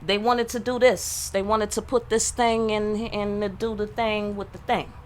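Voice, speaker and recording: A woman's voice: medium pitch, little pitch movement, unhurried, slight background noise. A woman tarot reader gives blunt, profane relationship advice, peppered with rhetorical questions. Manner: blunt, profane, streetwise, full of rhetorical asides. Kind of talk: casual channeled reading.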